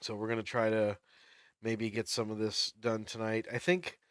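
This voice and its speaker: A man's voice: fairly low pitch, flat delivery, normal speed, a bit bright, clean tone, dry recording. A man chatting casually on a livestream while he plays, laughing often as he tells stories.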